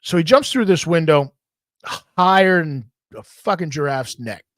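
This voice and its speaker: A man hosting a podcast, telling a long story in a rambling, profane, animated way. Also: fairly high pitch, measured pace, no echo. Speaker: podcast host. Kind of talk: casual storytelling.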